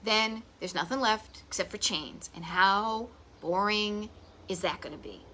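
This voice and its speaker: A woman's voice: medium pitch, measured pace, bright, forceful tone, a little hiss or hum. A woman with a Boston accent hosting a live online show about vintage travel spots, chatting casually and enthusiastically with self-deprecating asides. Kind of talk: casual live-stream chat. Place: home garage office.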